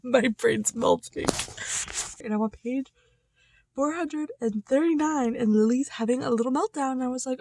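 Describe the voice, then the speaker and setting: A young woman chatting casually about a book in a reading vlog, excitable and full of fillers, swinging between hushed asides and loud outbursts. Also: high voice, normal speed, creaky, no room sound. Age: young adult. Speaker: book vlogger.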